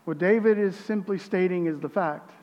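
A man preaching a sermon as pastor, reading scripture with emphasis, his voice swelling loud and then dropping quiet. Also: sits high, moderate pace, long reverb tail, muffled recording.

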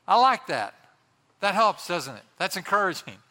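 A male pastor preaching a sermon with impassioned, dramatic pauses. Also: sits high, sing-song, pushed and bright. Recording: long hall reverb.

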